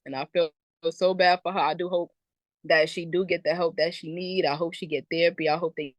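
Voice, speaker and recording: A woman's voice: lowish voice, fairly even intonation, fairly quick, no echo. A woman on a podcast panel, talking casually in a rambling storytelling way with lots of fillers. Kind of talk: casual chat.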